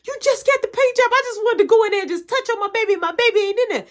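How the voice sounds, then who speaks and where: A woman voicing her panicked middle-aged mother, frantic and wailing in a high, loud voice. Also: very fast.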